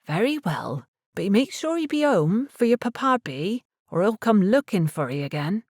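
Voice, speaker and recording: A woman voices a weary but firm working-class mother with a Cornish dialect, speaking in a cautioning, warning mood. Her medium pitch, raised above her own natural voice, swings widely at normal speed. The studio-quality recording has no echo.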